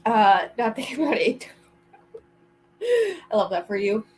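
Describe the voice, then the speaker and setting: A chatty woman with a slightly high voice, talking casually as she hosts a reading sprint. She rambles from thought to thought and breaks into giggles often. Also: sing-song, measured pace, darkish tone, rough recording. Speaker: vlogger hosting reading sprints. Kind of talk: casual chat to a friend.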